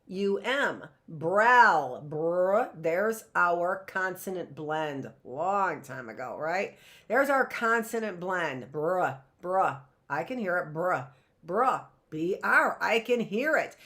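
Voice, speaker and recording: A middle-aged woman teaching an early reading lesson, chatty and direct, sounding out words slowly. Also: mid-range voice, fairly bright tone. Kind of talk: online classroom lesson.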